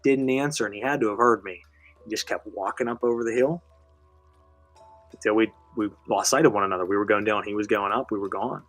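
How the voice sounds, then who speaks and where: A man's voice: medium pitch, fast talker, a bit bright, dry recording, soft background music. A man hosting a live show, telling a story in a casual, rambling, conversational way with casual swearing. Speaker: host.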